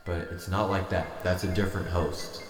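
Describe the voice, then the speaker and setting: A podcast host with a very low voice delivers a deadpan, rambling comedic monologue of absurd, self-deprecating jokes at a normal speed. Faint music plays underneath, and the echoey room leaves a long reverb tail.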